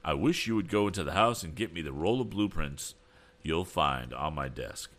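A man reading an audiobook, voicing an aged, cautious male inventor who speaks slowly and gravely. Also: low voice, expressive, a bit bright, heavily acted.

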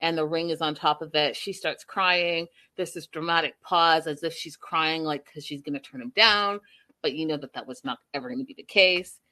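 Brief: woman host, gossipy recap chat, bright crisp tone. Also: low-pitched, moderate pace. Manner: chatty, gossipy, a bit petty. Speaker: reality show recap host. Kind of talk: casual chat.

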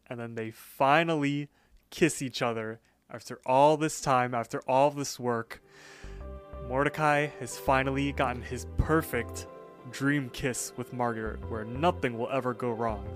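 A man co-hosting a podcast, casually recapping a cartoon episode and quoting the characters as he goes. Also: medium pitch. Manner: retells scenes, quoting characters in quick asides. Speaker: podcast co-host.

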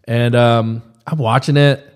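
A young man in loose, casual podcast chat, swearing freely and dropping "dude" into his sentences. His voice sits at an ordinary middle pitch. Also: fairly even intonation, measured pace, clean tone. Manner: loose, profane, says "dude" a lot. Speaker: podcast co-host.

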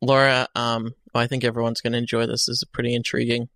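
A man's voice: medium pitch, completely flat delivery, fast talker, a bit bright, no echo. A man hosting a podcast in casual chat, leading segments with hesitant fillers. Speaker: podcast host.

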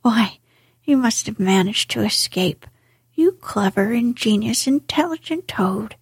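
A woman voicing a cheerful, excitable male mole in a storybook, in whispered role-play. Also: fairly high pitch, measured pace, husky, no room sound, studio quality, heavily acted. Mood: delighted. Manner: eager and gushing.

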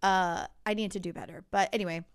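A woman in her thirties chatting casually with a friend, an animated storyteller who laughs often. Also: fairly low pitch, fast, clear, resonant tone. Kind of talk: casual chat.

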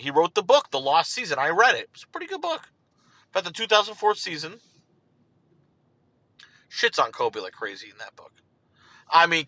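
Guy rambling thru a solo podcast, kinda high voice, super bright, goes off on tangents. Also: dry recording, poor audio. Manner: rambling, digressive, rhetorical questions. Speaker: podcast host. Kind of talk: casual solo sports podcast monologue.

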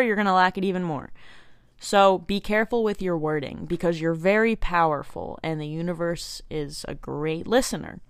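A woman's voice: sits low, smooth, dry recording, clean studio sound. A young woman hosting a self-help podcast, talking earnestly and encouragingly to her listeners in a casual way, with lots of "like" and "you know". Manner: casual with many likes and you knows. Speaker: podcast host.

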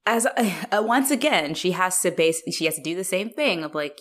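A woman's voice: lowish voice, expressive, normal speed. A woman co-hosting a casual film chat, recapping the plot with frequent laughter and casual swearing. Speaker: podcast co-host.

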